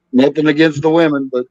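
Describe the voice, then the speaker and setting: A man's voice: a little high, a little mellow, husky, no room sound, muffled recording. A man chatting casually, blunt and joking about bikes. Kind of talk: casual chat.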